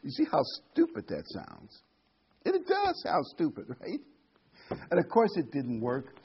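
Husky-voiced preacher with lively delivery. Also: male voice, on the high side, a little slow, highs cut off. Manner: conversational, restarts often, animated storytelling. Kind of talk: informal sermon.

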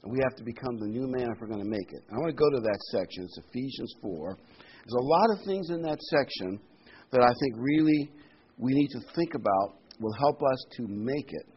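A man giving a sermon, hammering his key words and repeating them, with sudden loud bursts of stress. His voice sits at an ordinary middle pitch. The recording is a little dull and lo-fi, with faint room noise underneath. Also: expressive, brisk. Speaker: pastor.

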